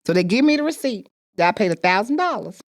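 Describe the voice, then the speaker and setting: A woman's voice: medium pitch, expressive, quick pace. A woman telling a personal story with emphatic repetition, acting out the people she quotes. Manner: emphatic, repeats phrases, acts out quoted voices.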